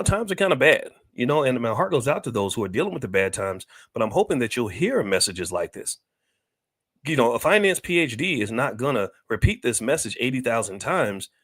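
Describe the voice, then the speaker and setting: Emphatic low-voiced man preaching. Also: a bit bright, dry recording. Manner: emphatic, rhetorical questions, repeats points. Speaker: finance commentator and host. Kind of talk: preachy monologue to viewers.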